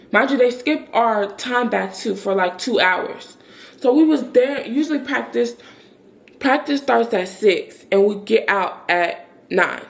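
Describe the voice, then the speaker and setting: A young woman vlogger telling a story in a casual, animated way, with lots of fillers and quoted back-and-forth. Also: mid-range voice, gravelly. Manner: chatty, animated retelling with many fillers and quoted dialogue.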